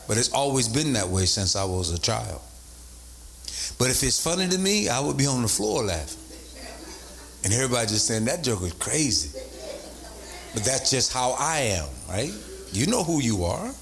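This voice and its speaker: Male preacher, sermon, lively swooping pitch, sing-song emphasis, repeats himself. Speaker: bishop, preacher.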